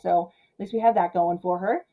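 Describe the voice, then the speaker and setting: A woman hosting a casual film recap, chatty and full of filler words, who acts out the characters' lines in quick paraphrase. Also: fairly low pitch, steady tone, phone-quality sound. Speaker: film channel host.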